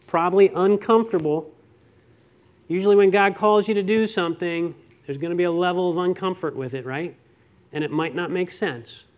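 A middle-aged pastor preaching a conversational sermon, telling stories and asking rhetorical questions. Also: male voice, on the high side, a little mellow.

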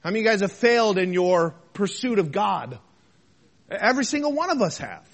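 High-voiced man preaching a sermon. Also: fairly quick. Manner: conversational preaching with rhetorical questions, animated swings between loud and soft. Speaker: pastor.

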